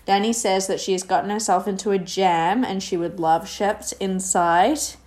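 A woman's voice: medium pitch, normal speed, darkish tone. A woman casually recapping a reality show, rambling and sarcastic, with lots of fillers.

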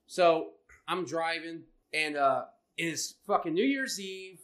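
Animated, profane male podcast storyteller. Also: fairly high pitch, slow. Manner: profane, animated, acts out the other people in his stories. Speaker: podcast co-host. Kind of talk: casual storytelling chat.

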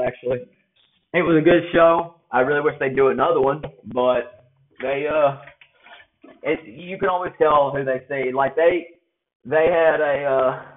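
A man giving blunt, rambling wrestling predictions in a casual monologue, often restarting his sentences. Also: medium pitch. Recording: tinny phone-like audio.

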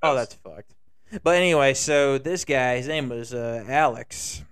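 A man's voice: medium pitch, a little slow, fairly bright tone, clean tone, no echo. A young man co-hosting a podcast in casual chat, rambling and swearing with lots of restarts. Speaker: podcast co-host.

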